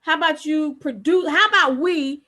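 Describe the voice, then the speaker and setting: A woman's voice: high-pitched, moderate pace, pushed and bright. A woman hosting a live-streamed talk show over a video call, chatty, restarting often and reading out viewer comments. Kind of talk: casual interview chat.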